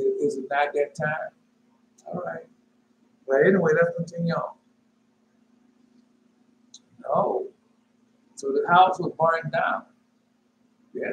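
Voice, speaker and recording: Male preacher, emphatic, rhetorical questions, higher voice with sudden pitch leaps, echoey room. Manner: pitch jumps sharply on emphatic words. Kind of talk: informal sermon with scripture reading. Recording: echoey room with faint noise.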